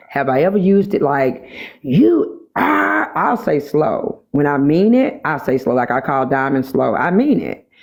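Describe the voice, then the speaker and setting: A woman on a live stream talking candidly about her own experience, rambling with many pauses and restarts. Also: very deep voice, a little mellow. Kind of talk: personal storytelling in a live chat.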